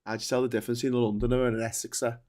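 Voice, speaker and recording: A man with a Liverpool accent hosting a casual livestream chat, animated and joking with quick bursts of laughter. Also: mid-range voice. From Liverpool, England. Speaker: host.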